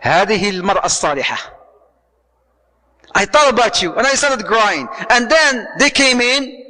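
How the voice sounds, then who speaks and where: A man giving a lively sermon on marriage as a preacher, telling stories, acting out the people in them and mixing in Arabic phrases. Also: sits high, brisk, in a large hall, low-quality recording. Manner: lively storytelling, acts out quoted voices, mixes in Arabic phrases.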